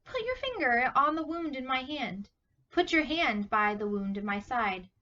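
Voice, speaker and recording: A woman reading a calm gentle storybook man, slow solemn delivery, highish bright tone, dull lo-fi sound. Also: full character voice. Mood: commanding.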